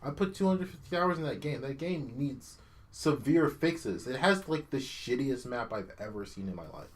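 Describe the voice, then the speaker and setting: A man's voice: mid-range voice, lively intonation, normal speed. A man ranting about a video game. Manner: ranting, profane, exasperated, mocking impressions. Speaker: podcast co-host. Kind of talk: casual chat.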